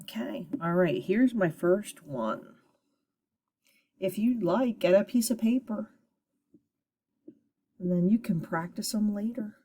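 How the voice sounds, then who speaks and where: A woman teacher giving a phonics lesson to children, sounding out syllables slowly and encouragingly. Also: medium pitch, warm tone.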